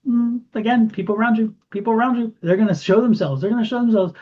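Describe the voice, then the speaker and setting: A man giving an intuitive tarot reading to camera, animated and repeating phrases for emphasis. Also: high-pitched, fast. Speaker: tarot reader. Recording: dull lo-fi sound.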